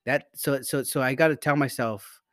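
A man's voice: mid-range voice, steady tone, normal speed, fairly bright tone, no echo, studio quality. A man co-hosting a podcast in casual chat, profane and rambling, often restarting his sentences. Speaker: podcast co-host.

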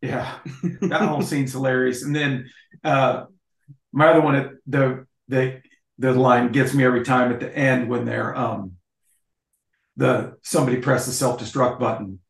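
A man's voice: mid-range voice, fairly even intonation, unhurried, creaky. Middle-aged man chuckling through an echoey chat. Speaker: guest. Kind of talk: casual podcast chat. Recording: roomy echo.

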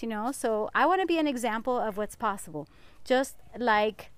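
A woman hosting a podcast as a life coach, chatting in an encouraging way, laughing often and reading some facts aloud. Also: a little high. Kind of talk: casual podcast monologue.

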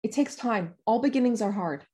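A woman speaking gently and soothingly to parents, giving calm reflective guidance. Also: on the high side. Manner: gentle, soothing, pausing to feel her emotions. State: emotional.

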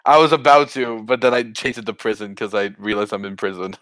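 A podcast guest laughing a lot and talking in animated bursts in an improvised comedy chat. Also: medium pitch, a little fast, very noisy.

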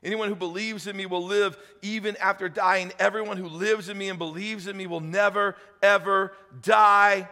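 A man preaching a sermon as pastor, telling the story with acted voices, loud shouted peaks and hushed appeals. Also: sits high, steady tone, fairly quick, few pauses, in a large hall. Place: church hall.

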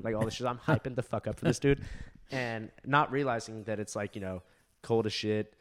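A young comedian from Southern California, co-hosting a podcast, tells a long story in casual chat. He rambles with lots of fillers, laughs and swearing, in a lowish, steady voice that runs a little fast over slight background noise.

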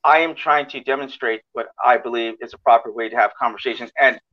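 A man's voice: medium pitch, quick pace, highs cut off. A man hosting a podcast in casual interview chat, friendly and rambling with frequent restarts. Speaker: podcast host.

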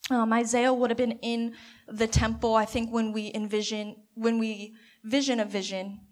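A woman giving a halting, imaginative reflection at a church gathering, with many restarts. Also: a little high, flat delivery. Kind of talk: sermon reflection.

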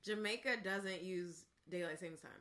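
Woman, bright tone, rambling, lots of "like", casual podcast chat. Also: fairly low pitch, normal speed. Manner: rambling, uses "like" a lot.

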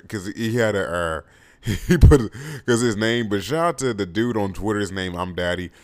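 A man in his twenties hosting a casual podcast monologue, animated and playful, with mock-preacher flourishes and sudden leaps up into high exclamations. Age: 20s. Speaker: podcast host.

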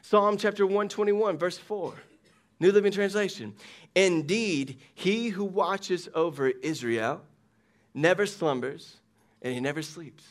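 A man's voice: sits high, measured pace. A middle-aged pastor preaching a sermon, asking the congregation questions as he goes. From United States.

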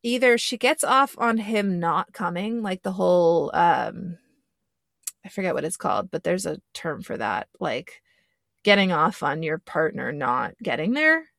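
A woman's voice: fairly low pitch, very animated, unhurried, vocal fry, fairly bright tone, no room sound, studio quality. A young woman in casual podcast chat, opinionated and emphatic, making sweeping asides.

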